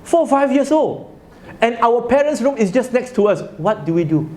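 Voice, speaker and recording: A man with a high, very lively voice gives a public religious talk, telling a story and asking the crowd questions. A faint hiss sits under the recording. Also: normal speed. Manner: animated storytelling, asks the audience questions. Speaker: religious speaker. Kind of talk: public talk to a live audience.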